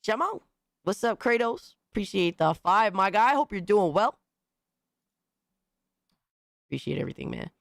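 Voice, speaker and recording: A man hosting a casual live stream, hoarse from recent illness, talking excitably with lots of swearing as he thanks viewers. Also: sits high, brisk, no room sound, studio quality. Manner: excitable, profane, shouting out viewers.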